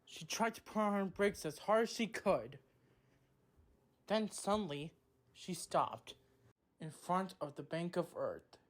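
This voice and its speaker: Slow woman reading a children's train story. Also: on the low side, lively intonation. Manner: slow, simple storybook narration.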